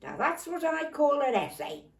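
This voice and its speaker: A woman's voice: sits high, big pitch swings, normal speed, far from the mic, voice pushed up. Granny reader as cheeky scheming boy, sly and gleeful, swings up and down, echoey room. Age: older. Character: mischievous scheming schoolboy.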